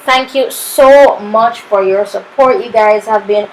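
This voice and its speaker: A woman's voice: mid-range voice, unhurried, a little hiss or hum, low-quality recording. A young woman with a Jamaican accent narrating a makeup tutorial, sassy and playful, tossing in "honey" and "papito" as she goes. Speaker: makeup artist.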